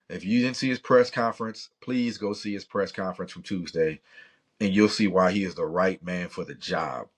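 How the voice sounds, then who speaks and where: A middle-aged man from Louisiana hosting a sports podcast, talking passionately in a rambling way with Southern slang. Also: sits low. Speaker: podcast host. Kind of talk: sports opinion talk.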